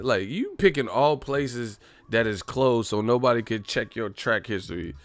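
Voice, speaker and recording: Gravelly, low-voiced man joking on a live stream. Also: normal speed. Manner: profane, joking, puts on voices for bits. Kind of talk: casual live-stream chat reading super chats.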